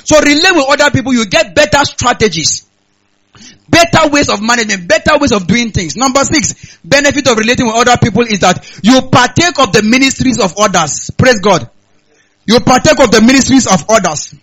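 A man's voice: very high-pitched, animated, brisk, a bit bright, poor audio. A man with a Nigerian accent preaching a sermon on stage, repeating his points and asking the audience to answer back. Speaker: pastor. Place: church hall, on stage.

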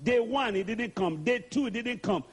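A male preacher with a very high, husky voice delivers a sermon with lively swings in pitch. He hammers repeated questions at his listeners and calls on them to answer back. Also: moderate pace. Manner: call-and-response, urging the congregation to answer; repetitive, rhetorical questioning.

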